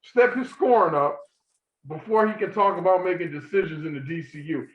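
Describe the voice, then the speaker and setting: High-pitched ranting man, roomy lo-fi sound. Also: brisk, a little hiss or hum. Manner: animated, ranting, profane. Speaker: podcast co-host. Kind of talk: casual heated chat.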